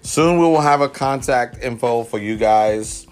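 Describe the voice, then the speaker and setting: A man's voice: medium pitch, measured pace, faint music behind. A man from the South Bronx hosting a casual podcast, joking and rambling with his mouth full. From South Bronx, New York. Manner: joking, self-mocking, rambling. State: talking with mouth full of potato. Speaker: podcast host, father.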